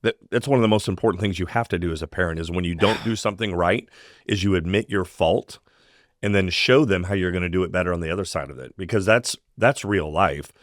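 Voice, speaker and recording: A man with a very low voice talks earnestly and at a steady pace on a faith podcast. The sound is dry and close, with no room around it. He reads scripture aloud now and then. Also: quick pace, no echo. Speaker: podcast co-host. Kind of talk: faith-based casual discussion.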